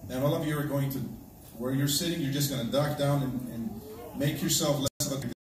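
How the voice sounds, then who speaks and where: A man's voice: mid-range voice, fairly even intonation, a little fast. A man who serves as a church elder, leading a congregation through a security drill in a conversational way and often checking in with the audience. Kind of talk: addressing a congregation. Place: large echoey church hall, indoors. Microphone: distant livestream device. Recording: very echoey, distant, noisy live stream.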